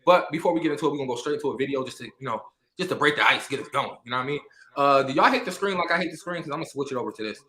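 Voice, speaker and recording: A man's voice: mid-range voice, expressive, racing, pushed and bright, reverberant. A man hosting a casual livestream podcast, joking and slangy, with loose apologetic asides. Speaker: podcast host.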